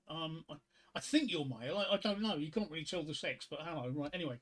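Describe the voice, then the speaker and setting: A man's voice: on the high side, fast talker, a bit bright. A middle-aged man chatting casually on his live stream, rambling between topics and reading corny one-liner jokes aloud at a home desk microphone.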